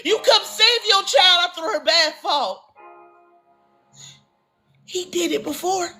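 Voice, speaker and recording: A woman's voice: very high-pitched, slow pace, bright, forceful tone, soft background music. A woman who is a mother performing spoken word poetry with impassioned, preaching cadence and repeated refrains. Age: adult, a mother. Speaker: performing poet.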